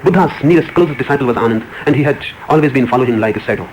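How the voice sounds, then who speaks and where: Male spiritual speaker, brisk emphatic storytelling, light background noise. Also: medium pitch, animated, a little mellow, rough recording. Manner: emphatic, repetitive, rising emphasis on key words. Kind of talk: storytelling discourse.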